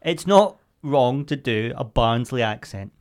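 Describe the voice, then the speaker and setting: A man's voice: medium pitch, animated. Man, podcast co-host, jokey casual chat, mid-range voice. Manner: joking, banter with quick put-on voices.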